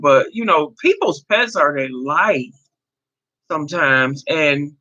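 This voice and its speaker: A woman in her fifties hosts a casual livestream, chatting freely and answering viewer comments by name. Her voice swings widely in pitch and has a bright, forward edge. The stream audio comes through muffled and lo-fi. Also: animated, slow pace. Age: 50s. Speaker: livestream host. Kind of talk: casual live chat.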